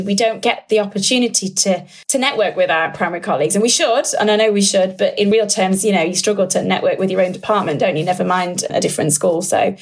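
A woman's voice: medium pitch, slightly rough. A woman, a secondary German teacher and mother, chatting and laughing on a video call. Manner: chatty, rambling, laughs often. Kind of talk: casual podcast conversation.

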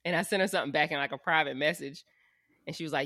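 A low-pitched woman talks in frank, profane casual chat, her voice bright and ringing yet lively in its ups and downs. The sound is close and dry, with no room around it. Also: very fast, dry recording. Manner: frank, profane, laughing often. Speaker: podcast co-host.

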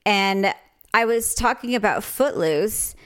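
A woman's voice: medium pitch, takes it slowly, fairly bright tone, clear, resonant tone. A woman chatting casually with her sister, a storyteller who keeps breaking into giggles. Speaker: sister of the other speaker. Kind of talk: casual chat.

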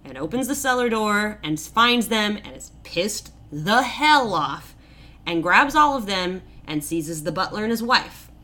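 A woman's voice: mid-range voice, a little slow. A woman co-hosting a podcast, retelling a fairy tale in a casual, comedic way with lots of swearing and filler. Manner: animated, swearing, frequent "like" and "basically".

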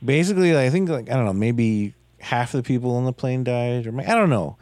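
A man co-hosting a podcast, chatting loosely about a film, swearing often and dropping into quick impressions. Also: mid-range voice, dry recording. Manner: animated, swearing, slips into impressions. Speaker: podcast co-host. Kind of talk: casual film discussion.

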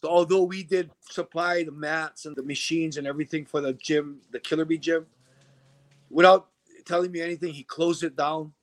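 A middle-aged man spins a story in a relaxed interview, slipping into other people's voices as he goes. His voice sits a little high. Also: moderate pace. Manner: animated storyteller, acts out quoted voices. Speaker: interview guest.

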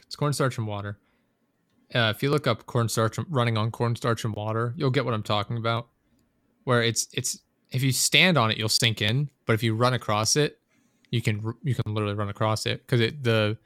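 A man's voice: on the low side, fairly bright tone, no echo, studio quality. A man in casual chat, rambling and swearing as he vents about a coworker. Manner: profane, venting, rambling storyteller.

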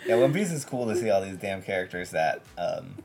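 A man's voice: low-pitched, animated, fairly quick, creaky, a little mellow. A man co-hosting an anime podcast in casual chat, laid-back and agreeable, saying "yeah" and "dude" a lot. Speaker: podcast co-host.

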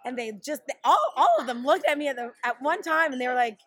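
A woman who wrestles professionally, telling stories in a brash, animated way during a casual interview. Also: high voice, fast talker. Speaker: pro wrestler.

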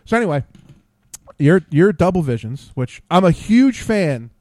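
A man's voice: fairly high pitch, sing-song, a little slow, warm tone, no echo. A man hosting a podcast, telling rambling, profane stories and losing his train of thought. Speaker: podcast host. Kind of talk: casual profane storytelling.

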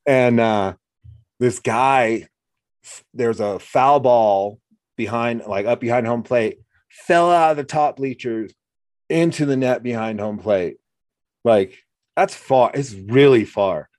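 Slow and medium-pitched, the host speaks in a studio-quality recording without echo. In relaxed conversation, he animatedly recounts stories and acts out people's words.

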